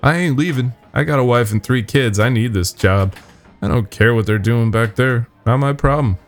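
A man voicing a blunt, gruff male factory worker who speaks coarsely and plainly, over soft music. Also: mid-range voice, normal speed, voice pushed up, close to an everyday voice.

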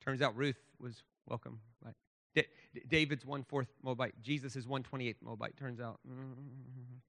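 A man's voice: mid-range voice, a bit bright, in a large hall. A man preaching a sermon in a church sanctuary, emphatic, with frequent stammered restarts.

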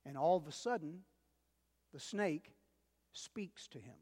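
A male pastor preaching a sermon, telling a story dramatically with big swings between loud and hushed. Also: on the high side, lively intonation, takes it slowly, pauses often, slightly rough. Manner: addresses listeners as "dear ones". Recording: long reverb of a large hall.

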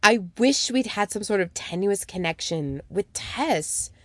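A woman co-host chats casually with a very lively, swooping pitch. The recording is dry, with no room sound. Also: a little slow, dry recording. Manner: expressive, jumps high for mock quotes. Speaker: podcast co-host. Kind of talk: casual chat recapping a TV show.

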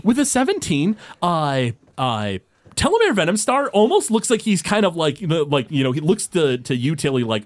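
A man narrating a tabletop game as game master, his pitch lively and roaming. He rambles and restarts often, and the recording sounds dry and close. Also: moderate pace, no room sound. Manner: rambling, full of fillers and restarts.

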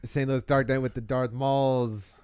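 A man's voice: mid-range voice, fairly even intonation, a little slow, a little mellow, smooth, no room sound, studio quality. Rambling young man musing casually. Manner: rambling, reflective, restarts often. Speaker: podcast co-host. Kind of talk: casual chat.

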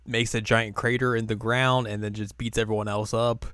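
A man's voice: lowish voice, level tone, normal speed, fairly bright tone, clean tone, dry recording. A man hosting a podcast in casual chat, joking around and slipping into silly voices. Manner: jokey, puts on silly voices for characters. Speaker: podcast host.

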